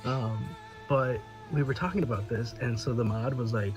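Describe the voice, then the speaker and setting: A man's voice: mid-range voice, normal speed, over music. A man on a podcast, telling a story in casual chat, often laughing and swearing, with many restarts. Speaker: podcast regular.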